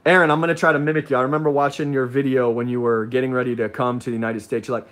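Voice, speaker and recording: A man's voice: medium pitch, flat delivery, rapid-fire, hardly any pauses, fairly bright tone. A man hosting a casual livestream, reading viewer comments and rambling with frequent ums and restarts. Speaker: livestream host.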